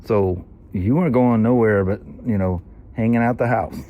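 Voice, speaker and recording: A man's voice: on the low side, normal speed, narrow, tinny audio. A man in his sixties with a Southern US accent, telling a long, rambling story in casual vlog chat, full of "you know" and "anyway". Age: 60s. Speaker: vlogger.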